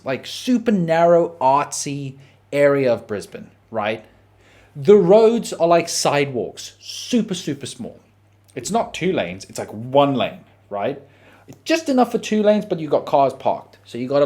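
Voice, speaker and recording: A man's voice: on the high side, darkish tone. A man, hosting a podcast and telling a story casually, acting out his own reactions and quotes. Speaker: podcast host.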